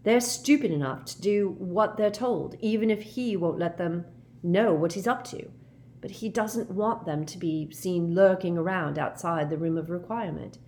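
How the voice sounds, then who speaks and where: A woman voicing an eager, determined teenage boy wizard who reasons out loud with quick excitement. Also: on the low side, voice pushed up. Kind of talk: audiobook character voice.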